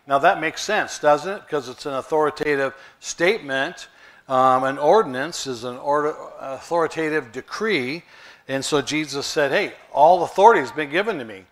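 A man's voice: mid-range voice, a bit bright. A male pastor, preaching a sermon in a conversational way with rhetorical questions.

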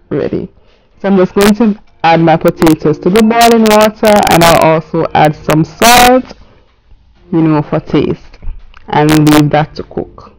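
Woman, cooking channel host, casual voice-over, chatty asides, noisy background. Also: low-pitched.

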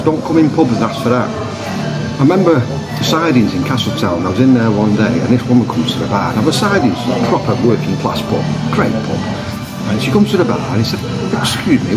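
A man grumbling humorously about pub habits in a casual monologue, recorded in a pub. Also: medium pitch. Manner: chatty, grumbling, dry humour. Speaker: pub vlogger. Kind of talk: casual comic monologue to camera.

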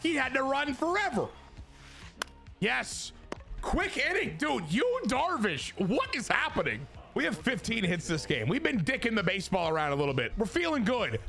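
Excitable young man cheering gameplay. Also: high-pitched, creaky. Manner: excitable, cheers and shouts at plays. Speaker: gaming channel host. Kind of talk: excited live gameplay commentary.

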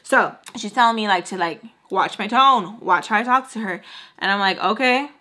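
A woman's voice: mid-range voice, normal speed, sharp tone. A young woman beauty vlogger telling a personal storytime in a casual, chatty way, full of "like" and asides to viewers. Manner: casual, chatty, heavy use of "like". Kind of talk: storytime while doing makeup.

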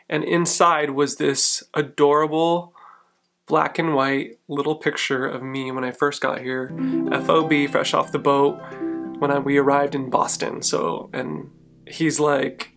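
A man in his thirties casually telling stories to the camera in a chatty, animated way, laughing often. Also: fairly high pitch. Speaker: vlogger. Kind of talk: casual vlog storytelling.

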